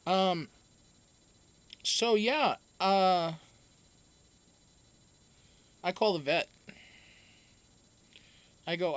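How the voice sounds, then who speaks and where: A young man, a reality show houseguest, telling a casual story in a profane, animated way. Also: sits high, extremely slow, pauses often.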